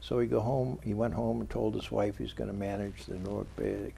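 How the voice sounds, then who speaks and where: Man, publisher, studio interview, anecdotal storyteller, husky voice, mellow tone. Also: fairly low pitch, fairly even intonation, fairly quick. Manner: storyteller who recounts conversations by quoting others. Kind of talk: interview conversation, telling anecdotes. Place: local TV studio.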